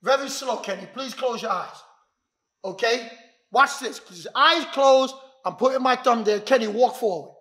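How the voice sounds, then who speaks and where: A male self-defense instructor speaks in a very high, sharp, forceful voice at a moderate pace, demonstrating techniques. Emphatic and street-smart, he hits key words with loud bursts. The echoey sound suggests a gym.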